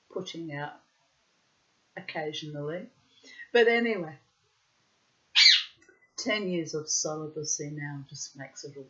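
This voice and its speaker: A woman's voice: deep voice, a little hiss or hum. A middle-aged woman telling a personal story in a wry, dramatic, digressive way, with florid wording. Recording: dull lo-fi recording.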